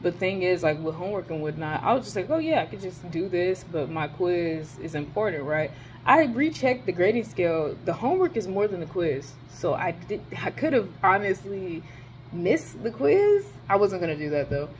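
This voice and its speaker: A young college-age woman rants straight to her camera, swearing and piling on emphasis as she talks. Her voice sits slightly low for a woman, and a soft background hum runs underneath her. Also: moderate pace. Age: young adult. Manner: animated, profane, emphatic storytelling. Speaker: college student vlogger. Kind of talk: casual ranting vlog.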